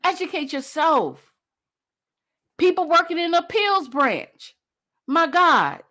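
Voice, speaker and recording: A woman's voice: extremely high pitch, lively intonation, measured pace, fairly bright tone. A woman host and coach giving a passionate motivational talk, driving points home by repeating phrases.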